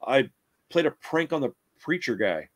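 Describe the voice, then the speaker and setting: A man's voice: medium pitch, sing-song, normal speed, breathy edge. A young man telling rambling stories in casual chat, swearing a lot and calling people dude and bro.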